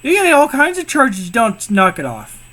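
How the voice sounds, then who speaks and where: A man with a fairly high voice talks over a video in casual commentary. He sounds exasperated, circles back to the same point again and again and swears freely. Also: wildly swooping pitch, moderate pace, bright, forceful tone. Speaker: co-host reacting to police footage.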